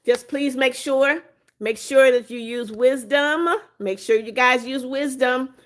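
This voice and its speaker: Speaking slowly in a high-pitched voice, a livestream host from Florida streams from her phone. She's chatty as she reads out chat comments and thanks viewers by name, yet she holds firm on her rules.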